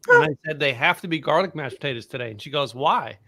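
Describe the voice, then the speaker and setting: Bright, forceful man telling stories. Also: fairly high pitch, racing. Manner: animated anecdotes, stumbling restarts. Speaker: podcast co-host. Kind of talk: casual chat with storytelling.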